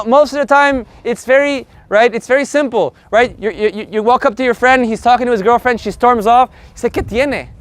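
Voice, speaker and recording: A man's voice: extremely high pitch, a bit bright. A man teaching a casual live Spanish group lesson, brash and joking, swearing casually as he explains.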